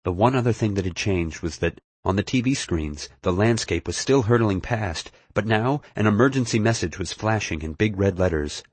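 Man, audiobook narration, first person, expressive, low pitch, husky. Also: moderate pace, hardly any pauses, no echo.

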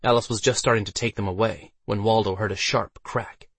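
A man narrating a fantasy audiobook with steady storytelling delivery. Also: fairly low pitch, fairly quick, husky, no echo.

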